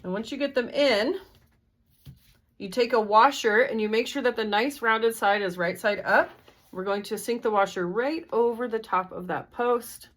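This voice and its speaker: A woman's voice: on the high side, moderate pace, a bit bright. A woman walking through a sewing tutorial step by step, in a friendly, methodical, casual way. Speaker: sewing instructor.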